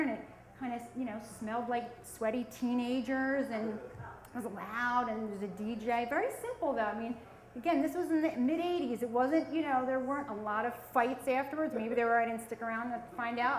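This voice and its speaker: A woman's voice: on the high side, roomy sound, rough recording. A woman, telling a self-mocking story on stage at a storytelling event. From South Philadelphia. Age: 40s. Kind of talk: live storytelling.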